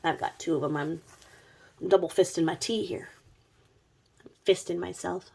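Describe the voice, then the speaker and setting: Gravelly woman w covid rambling on, blunt and sweary, kinda low voice. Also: steady tone, moderate pace, darkish tone. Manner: chatty, blunt, swears freely. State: sick with covid. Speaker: true crime commentary host. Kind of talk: casual rambling commentary.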